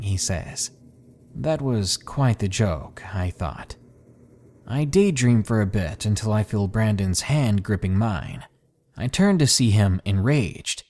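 A man narrating a scary story in a calm, measured, ominous way, then signing off as the channel host. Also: on the low side. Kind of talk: scripted narration of a horror story. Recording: faint background music.

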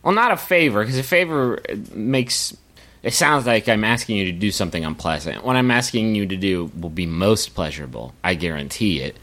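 A man with a lowish voice chats on a comedy podcast. He rambles, swears and hypes things up with loose filler. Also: animated, a little fast, fairly bright tone. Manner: rambling, profane, enthusiastic. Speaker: podcast co-host. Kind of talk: casual comedy chat.

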